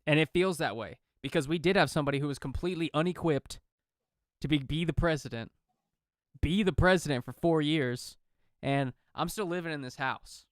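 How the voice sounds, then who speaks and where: Laid-back young man, smooth and dry. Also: a little high, fairly quick, dry recording. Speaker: podcast co-host. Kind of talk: casual debate chat.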